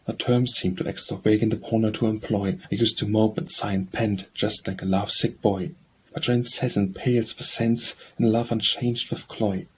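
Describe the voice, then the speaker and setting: A man reading poetry aloud for an audiobook in a measured, steady recitation. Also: fairly low pitch, slight background noise, low-quality recording. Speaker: audiobook narrator.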